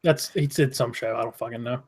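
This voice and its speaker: A man's voice: mid-range voice, brisk, slightly rough. A man co-hosting a casual wrestling podcast, giving blunt opinions and swearing freely. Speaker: podcast co-host.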